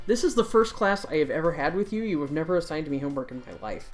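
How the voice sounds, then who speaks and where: A woman's voice: sits low, animated, fast talker, hardly any pauses, faint music behind. A woman giving sarcastic, wry let's play commentary while reading in-game dialogue.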